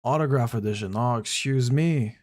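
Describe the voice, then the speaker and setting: A man's voice: mid-range voice, normal speed, darkish tone. A young man chatting casually, blunt and slangy, reacting with disbelief. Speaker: streamer reacting to chat. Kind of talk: casual chat.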